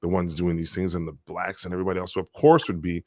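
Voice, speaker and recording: A man speaking as a guest in an emphatic, animated conversation. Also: low voice, quick pace, no room sound. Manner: emphatic, acts out voices to make points. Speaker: guest artist.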